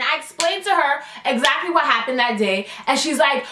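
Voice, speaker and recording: A young woman rattles through a casual storytime, high-pitched and bright. She is blunt and swears freely. Her voice rings in an echoey room, a little away from the mic. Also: expressive, far from the mic. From Canada. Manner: fast-talking, blunt and profane. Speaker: vlogger.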